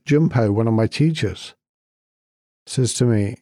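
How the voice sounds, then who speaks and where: A man's voice: mid-range voice, unhurried, mellow, dry recording, clean studio sound. A man giving a reflective spoken talk, telling stories and repeating his points for emphasis.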